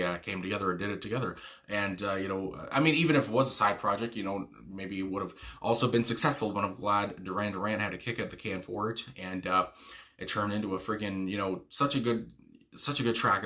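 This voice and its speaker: Rambling man with a bright voice. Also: lowish voice. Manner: rambling, heavy on "you know" fillers; exclaims "my God" often. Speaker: music reaction host. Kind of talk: casual rambling commentary.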